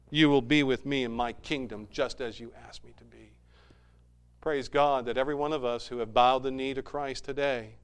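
A man preaching a sermon as pastor, moving from hushed, quiet passages to loud, fervent ones. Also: on the high side, clear, resonant tone.

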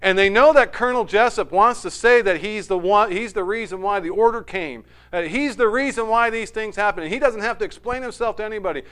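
A male pastor preaches in church, his voice high and bright with a clear, crisp tone. He reads scripture and then tells stories animatedly, and his pitch swings widely as he builds to loud, emphatic peaks. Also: fairly quick, hardly any pauses. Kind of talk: sermon with scripture reading.

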